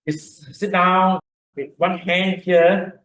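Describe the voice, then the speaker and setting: Malaysian guy doctor explaining breathing stuff, kinda high voice, lots of room echo. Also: flat delivery, slow, fairly bright tone. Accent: Malaysian English. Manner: explanatory, repeats words, demonstrates breathing and huffing. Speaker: doctor giving a lecture. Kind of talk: informal health lecture with demonstration. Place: lecture hall. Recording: echoey lecture room.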